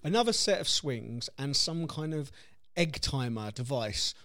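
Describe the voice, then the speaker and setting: A man co-hosting a casual podcast chat, relaxed and wry in his storytelling. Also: medium pitch, measured pace. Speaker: podcast co-host.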